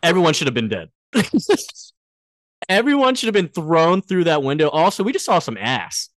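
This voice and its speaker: A man chats casually on a podcast, recapping a TV episode and slipping into quick voices for the characters. His pitch swings widely as he jokes. The sound is dry and close, with no room behind him. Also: sing-song, a bit bright, dry recording. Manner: joking, quick impressions of characters. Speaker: podcast co-host.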